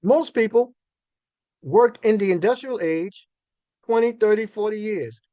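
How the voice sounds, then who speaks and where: High-voiced older man telling folksy stories. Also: a little slow, mellow, no echo, muffled recording. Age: 60s. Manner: folksy and conversational, repeats and restarts words. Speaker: minister giving a finance talk. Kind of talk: storytelling lecture to an audience.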